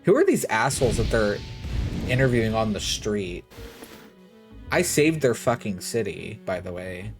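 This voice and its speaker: A man's voice: lowish voice, sing-song, unhurried, over music. A man streaming a game live, chatting casually and sarcastically, swearing freely and reading game dialogue aloud.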